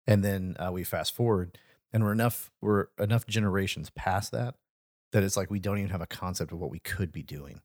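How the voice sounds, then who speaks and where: Low-voiced man in a dry room. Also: fairly quick, darkish tone, no echo. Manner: attentive listener, frequent agreeing murmurs. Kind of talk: casual conversation.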